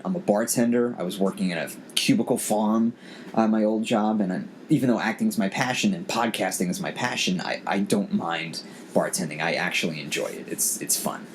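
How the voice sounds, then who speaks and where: Slight background noise sits behind a lowish male voice. The man, a podcast host, shares a personal story in a casual chat, sounding earnest and emotional and frequently repeating himself.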